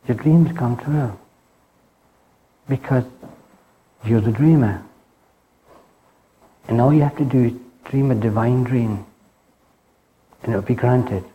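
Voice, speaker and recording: A man giving an informal spiritual talk in a rambling way, often tagging his lines with "eh?" and dropping soft and low on key words. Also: narrow, tinny audio. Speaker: spiritual teacher.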